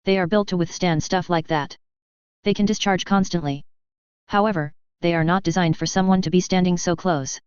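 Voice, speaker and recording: Woman reading as a sly tech guy explaining stuff plainly, smooth clear voice, dry. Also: on the low side, fairly even intonation, moderate pace, a little mellow, dry recording, highs cut off, natural voice. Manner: matter-of-fact explaining. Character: grinning male human tech, sly explainer.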